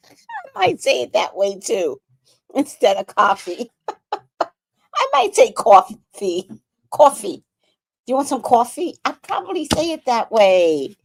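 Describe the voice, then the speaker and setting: A woman's voice: high voice, wildly swooping pitch, measured pace, creaky, long pauses, darkish tone, no room sound. A woman with a New York accent hosting a live stream, chatting bluntly and swearing freely. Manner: chatty, blunt, profane, laughs often. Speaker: livestream host. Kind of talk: casual live-stream commentary.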